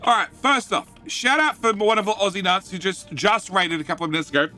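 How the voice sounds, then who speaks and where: A man hosting a live game stream, chatting with viewers in a jokey, excitable way and often repeating his words. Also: high-pitched, brisk.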